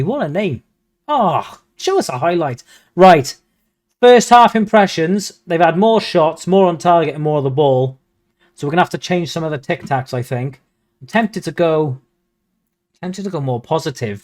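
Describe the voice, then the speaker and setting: Excitable lad commentating. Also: male voice, on the high side. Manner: excitable, mock-commentator, bursts into chants. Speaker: gaming video host. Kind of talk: live commentary on a football management game.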